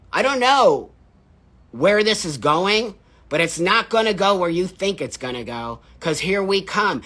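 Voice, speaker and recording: A man's voice: high voice, bright, forceful tone. A middle-aged man hosting a livestream, ranting in a heated, profane, confrontational way. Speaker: livestream host. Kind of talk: angry livestream rant.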